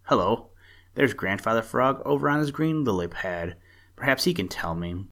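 A man voicing a curious young male rabbit in a storybook reading, eager and quick to stammer. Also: medium pitch. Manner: excited, stammering.

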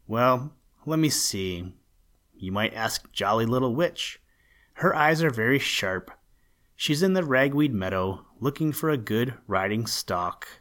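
A man's voice: mid-range voice, lively intonation, unhurried, fairly bright tone. A man voicing a small, friendly male lantern sprite in a storybook, talking in a kindly, chatty way.

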